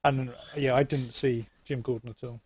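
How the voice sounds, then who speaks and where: A man's voice: mid-range voice, fairly even intonation, moderate pace, darkish tone. A man co-hosting a podcast, chatting casually about a film, laughing often and filling his talk with ums and likes. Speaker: podcast co-host.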